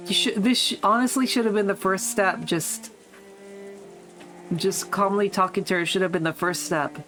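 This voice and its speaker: A woman's voice: mid-range voice, moderate pace, a bit bright, low-quality recording. A young adult woman streamer reading a visual novel aloud, breaking off for profane, laughing asides. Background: background music and rain.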